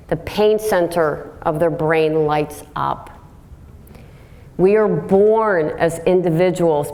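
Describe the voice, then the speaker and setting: A woman speaks to a room in a lively live talk, her voice sitting a little low. She is direct and plain-spoken and tells stories briskly. She slips into the voices of the people she describes. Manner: lively storytelling, acts out quotes. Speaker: workplace speaker.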